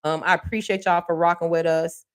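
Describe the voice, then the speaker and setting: A woman hosting a casual livestream, chatting in a folksy, laughing way as she gives shout-outs to the people watching. Her voice sits a little low for a woman. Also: level tone, fairly quick. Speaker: host of a local news livestream. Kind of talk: casual live-stream chat.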